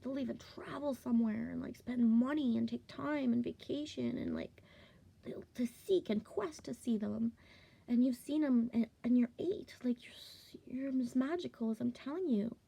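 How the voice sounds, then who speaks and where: A woman's voice: a little high, moderate pace, vocal fry, warm tone, slightly rough. A woman from Ontario, Canada, telling a personal story in a casual vlog, swearing often, filling with "like" and sometimes dropping to a whisper. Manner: heavy swearing, many "like" fillers, drops to whispers. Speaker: vlogger.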